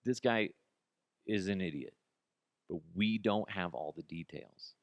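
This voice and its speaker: A man's voice: low-pitched, unhurried, no room sound. A man hosting his own podcast, ranting in a blunt, mocking way with lots of restarts. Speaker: podcast host. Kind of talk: casual solo podcast rant.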